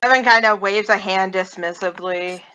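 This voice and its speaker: A woman's voice: medium pitch, moderate pace, sharp tone, smooth, muffled recording. A woman narrating a tabletop game as game master, casual and loose.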